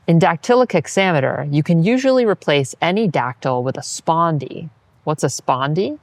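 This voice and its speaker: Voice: medium pitch, expressive, normal speed, no room sound. A patient Latin teacher giving scripted instructional narration, modeling each phrase and then encouraging the listener to repeat it.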